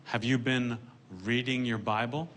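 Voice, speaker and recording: A man voicing a stern elderly grandmother who asks flat, measured questions, slightly raised from his own voice. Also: medium pitch, slight background noise, close to an everyday voice. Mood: curt.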